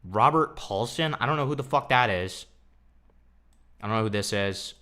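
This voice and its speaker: A man hosting casual reaction commentary, crude and sarcastic, swearing constantly and dropping into low mumbled asides. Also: lively intonation, moderate pace, bright, forceful tone. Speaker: commentary host.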